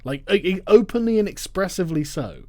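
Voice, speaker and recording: A man speaking in a casual chat, his pitch rising and falling widely as he jumps in with reactions. He talks in short, emphatic bursts. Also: dry recording, studio quality. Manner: lively interjections and quick reactions.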